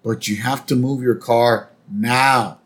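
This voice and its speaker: A man's voice: medium pitch, fairly even intonation, slow, fairly bright tone. A man co-hosting a podcast, casually narrating an episode's plot with laughs and quoted lines. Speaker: podcast co-host. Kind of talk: casual chat retelling an episode.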